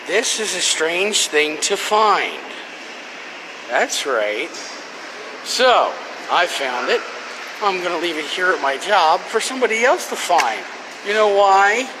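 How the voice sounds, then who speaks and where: A man in his forties with a Philadelphia accent rambles and jokes to his phone camera from his truck, poking fun at himself in a casual vlog. He's a vlogger who works scrap metal. His voice is high-pitched and sing-song, and he talks slowly over a noisy background.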